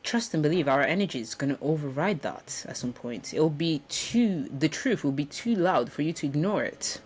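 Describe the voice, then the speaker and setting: A woman's voice: deep voice, animated, moderate pace, a little mellow, slightly rough. A woman giving a casual spiritual self-development talk in a room, speaking reflectively with frequent restarts and ums. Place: indoor room.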